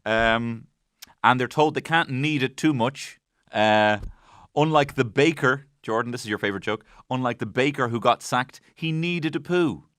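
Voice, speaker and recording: Rambling, sweary podcast host. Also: male voice, mid-range voice, moderate pace, a bit bright, smooth, dry recording, studio quality. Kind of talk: comedic episode recap. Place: podcast studio.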